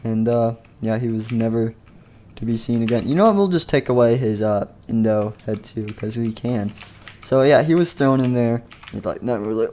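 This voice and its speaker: A man's voice: lowish voice, moderate pace, mellow. A man casually narrating a game machinima, rambling with many restarts.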